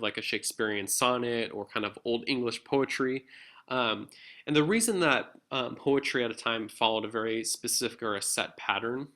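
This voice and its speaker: A man's voice: mid-range voice, pushed and bright. A man lecturing on poetry as a literature instructor, speaking casually with many filler ums. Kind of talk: recorded lecture.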